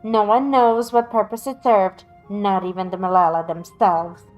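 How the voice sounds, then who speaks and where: An actress voicing a polished female museum guide who hosts a quiz, speaking in a formal, measured and courteous way. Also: medium pitch, fairly even intonation, a little mellow, faint music behind, close to an everyday voice, rough recording. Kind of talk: video game voice acting.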